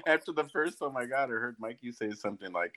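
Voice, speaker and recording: A podcast participant chatting casually, laughing often and making quick quips. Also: medium pitch, expressive, noisy background.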